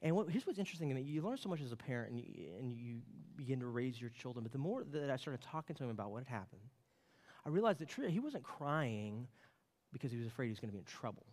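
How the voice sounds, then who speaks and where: A man in his late thirties preaching a sermon, telling a family story with an animated, storytelling manner. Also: medium pitch, fast talker. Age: late 30s. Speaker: pastor. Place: church sanctuary. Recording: long reverb of a church hall.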